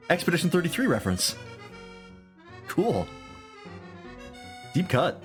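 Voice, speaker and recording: A man's voice: on the low side, animated, brisk, pauses often. Joking male streamer over game music. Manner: joking, irreverent. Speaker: gaming streamer. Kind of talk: casual let's-play commentary.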